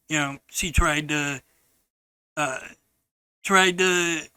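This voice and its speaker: A man telling a personal story on his podcast, in a frank, halting and profane way. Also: fairly high pitch, pushed and bright, clear, resonant tone, no echo, poor audio.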